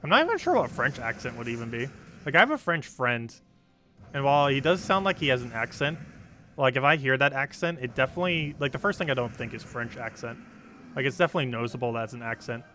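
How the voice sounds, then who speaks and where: A man's voice: medium pitch, expressive, fast talker, pushed and bright, a little hiss or hum. A young man casually chatting on a game live stream, answering chat and rambling through strategy tips with lots of ums and likes. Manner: rambling, explains game strategy with many fillers.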